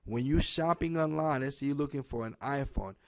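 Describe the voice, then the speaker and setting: A man making a direct appeal to camera, pleading and repeating himself, ending most lines with a low "okay?". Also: a little fast, vocal fry, dry recording. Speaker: home business promoter.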